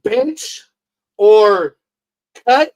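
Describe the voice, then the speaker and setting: Sports-show co-host, mid pitch, fired up and cursing, pushes hard. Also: animated, extremely slow, a little mellow, poor audio. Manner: heated, profane and insistent. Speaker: podcast co-host. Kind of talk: casual sports chat.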